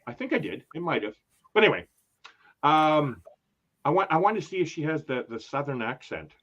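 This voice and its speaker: A man's voice: on the high side, big pitch swings, a little fast, fairly bright tone, highs cut off. A man hosting a casual travel livestream, chatting and reading viewer comments aloud with frequent laughs. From Canada. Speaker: travel channel host.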